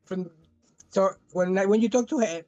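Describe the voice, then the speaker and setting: A man's voice: high-pitched, normal speed, dark tone, lo-fi sound, soft background music. A man in his thirties from southern Spain with a thick Spanish accent, chatting as a guest in a casual interview, often restarting and repeating words.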